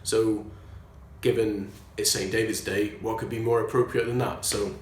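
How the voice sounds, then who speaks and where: A man's voice: fairly low pitch, level tone, normal speed, slight background noise. A man reviewing a film in a put-on Welsh accent, speaking in a jokey, conversational way. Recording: echoey room with loud music.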